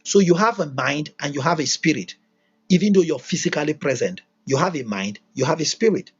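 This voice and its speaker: A man's voice: a little high, expressive, a little fast, breathy edge, soft background music. A man giving a livestreamed motivational talk, emphatic and repetitive, asking lots of rhetorical questions. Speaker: motivational teacher. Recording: dull lo-fi recording.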